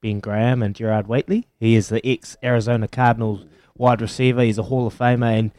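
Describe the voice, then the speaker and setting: A man's voice: medium pitch, level tone, fast, a little mellow, dry recording. A man co-hosting a casual sports radio show, jokey and laughing a lot. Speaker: radio co-host.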